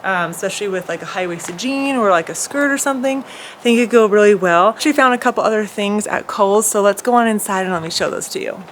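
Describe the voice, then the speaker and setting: A woman's voice: medium pitch, slight background noise. Gushing woman vlogger showing home decor. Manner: gushing, enthusiastic, lots of "beautiful" and fillers. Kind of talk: casual sponsored home decor vlog. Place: at home, porch and indoors.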